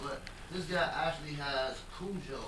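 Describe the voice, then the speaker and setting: A man's voice: a little high, moderate pace, a crowd in the background, low-quality recording. A man hosting his own comedy live stream, riffing loosely and swearing freely as he tells jokes to viewers.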